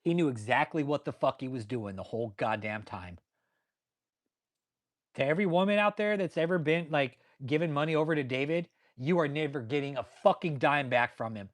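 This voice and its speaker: A man's voice: fairly high pitch, a little fast. Furious, foul-mouthed man ranting. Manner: angry, swears constantly. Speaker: channel host. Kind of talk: profane ranting commentary with live chat replies.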